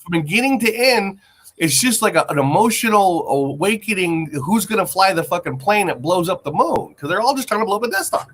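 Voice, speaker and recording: A man rambles through a mock conspiracy theory with plenty of swearing. His voice sits high and breathy-rough, and it leaps around in pitch. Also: animated, brisk, a bit bright. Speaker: podcast co-host. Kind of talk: casual chat.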